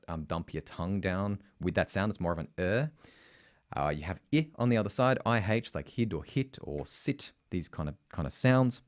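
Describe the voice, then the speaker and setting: A man with an Australian accent, teaching singing in a loose, casual way, full of restarts and filler words. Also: low-pitched. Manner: explains in loose spoken asides, with many restarts and filler words. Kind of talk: casual vocal lesson.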